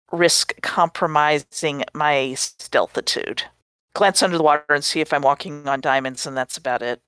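A woman's voice: low voice, fairly bright tone, smooth, no room sound. A woman playing a tabletop game, chatty and playful. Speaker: player. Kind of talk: casual tabletop game play.

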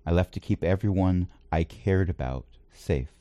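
A man's voice: sits low, moderate pace, mellow, a little hiss or hum, close to an everyday voice. A man playing a protective father paladin who leads the guard, speaking firmly and earnestly. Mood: earnest pleading. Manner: firm, earnest pleading.

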